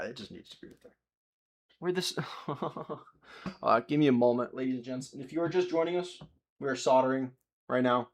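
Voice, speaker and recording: A young livestreamer solders at his workbench while chatting casually with viewers, rambling, cursing, and laughing at himself. He often turns away from the mic as he works. His voice is medium-pitched with vocal fry.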